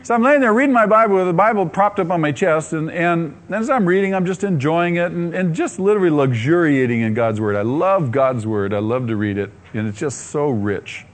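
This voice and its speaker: A man preaching, telling his own story with animated delivery, acting out his inner dialogue and laughing often. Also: a little high, normal speed. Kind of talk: sermon testimony storytelling.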